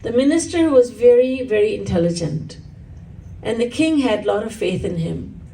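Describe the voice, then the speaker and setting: A woman's voice: a little high, animated, normal speed, warm tone, distant mic, low-quality recording. A woman spiritual teacher giving a religious discourse, explaining earnestly and telling stories.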